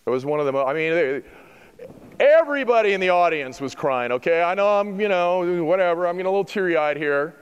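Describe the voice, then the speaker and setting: A middle-aged male pastor preaching a sermon, building to emphatic rhetorical questions and then easing into softer, reflective passages. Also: mid-range voice, clear, resonant tone, long reverb tail, low-quality recording.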